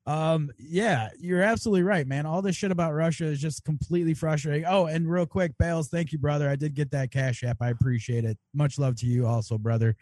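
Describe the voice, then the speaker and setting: A man's voice: fairly high pitch, steady tone, a little fast, hardly any pauses, darkish tone, no room sound. A man co-hosting a casual political livestream, reading out viewer comments and chatting in a laid-back way with casual swearing. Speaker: podcast co-host.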